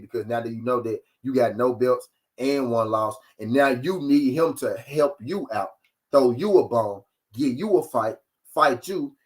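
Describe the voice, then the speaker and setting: A man hosting a live-streamed boxing talk show, ranting in an animated, profane and mocking way. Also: mid-range voice. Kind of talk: live-streamed sports commentary rant.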